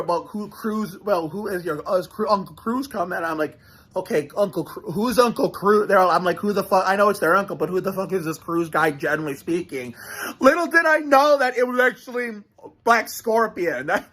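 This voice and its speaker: A man's voice: sits high, sharp tone. A man casually reacting to a show on camera, rambling with frequent restarts and swearing. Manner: rambling, profane, many restarts.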